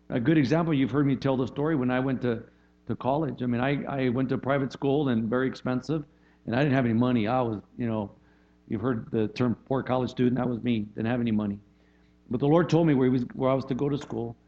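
A male pastor preaches in a loose, conversational way, restarting phrases and tossing "right?" to the congregation. His voice sits a little higher than most men's. The recording sounds muffled and lo-fi. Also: a little fast. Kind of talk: sermon.

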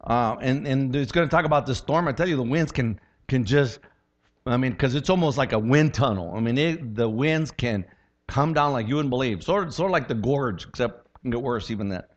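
A man preaching a sermon as a pastor, animated, acting out quotes and voices as he teaches. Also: mid-range voice, brisk, muffled recording.

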